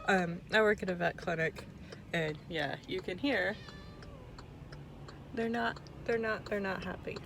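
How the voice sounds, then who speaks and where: A young woman chats through a casual reading vlog in an easy, self-deprecating way and swears now and then. Her voice sits at an ordinary middle pitch for a woman. A faint hiss of noise runs under the recording. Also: steady tone, unhurried, vocal fry, long pauses, a bit bright. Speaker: book vlogger.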